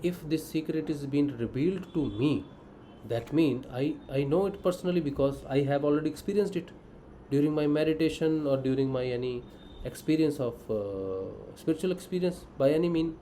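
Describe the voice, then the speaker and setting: A man's voice: fairly high pitch, normal speed, mellow, a little hiss or hum, poor audio. A man giving a devotional teaching talk, earnestly asking his own questions and answering them as a disciple. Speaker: spiritual disciple explaining scripture.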